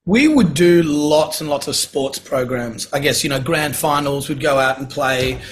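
A middle-aged man, a guest telling casual anecdotes in a relaxed, chatty way and often clearing his throat. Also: on the high side, moderate pace, slight background noise, rough recording. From Australia. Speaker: guest, singer-songwriter.

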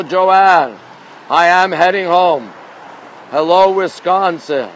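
A man's voice: sits high, fairly bright tone, slight background noise. A middle-aged man from Montreal chatting casually on a live stream outdoors on city streets, reading out viewer comments, greeting people, and often repeating himself. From Montreal, Canada.

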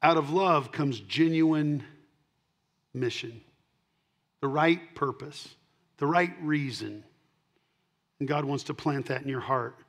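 A middle-aged male pastor preaching a sermon, swinging between loud emphatic punches and quiet asides, and repeating key lines for emphasis. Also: on the high side, takes it slowly, long pauses.

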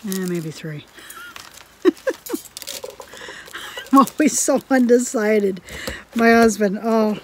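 Unhurried chatty woman crafting at home. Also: mid-range voice, slight background noise. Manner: chatty, laughs often between sentences; drifts into quiet asides while working. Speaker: homestead vlogger. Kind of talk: casual chat while crafting.

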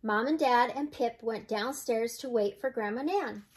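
An older woman reading a picture book aloud for children in a clear, steady, friendly way. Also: on the high side, a little slow. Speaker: storyteller.

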